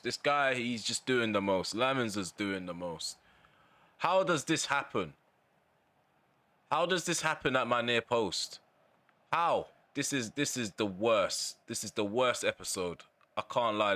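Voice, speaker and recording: A man's voice: fairly low pitch, sharp tone, no room sound. Frustrated man ranting over gameplay. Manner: exasperated, ranting about the match. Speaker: gaming channel host. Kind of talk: live gameplay commentary.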